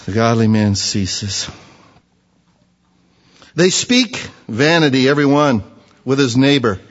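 A man preaching a sermon, animated and acting out the dialogue in character voices. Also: mid-range voice, takes it slowly. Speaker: pastor. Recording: dull sound in a reverberant hall.

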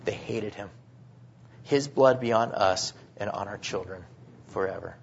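A man preaching a sermon, swinging between hushed, drawn-out phrases and sudden emphatic bursts. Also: lowish voice, creaky, a little hiss or hum. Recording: dull lo-fi sermon recording.

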